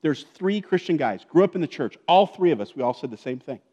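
A man's voice: fairly high pitch, animated, brisk, warm tone, highs cut off. A man preaching a conversational sermon as a pastor, with joking asides and frequent check-ins like "okay?" and "right?". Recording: long reverb of a large hall.

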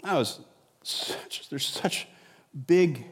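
A man's voice: on the high side, animated, very slow, husky, big-room sound. A middle-aged man preaching a sermon in a conversational way, repeating words and asking rhetorical questions. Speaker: pastor.

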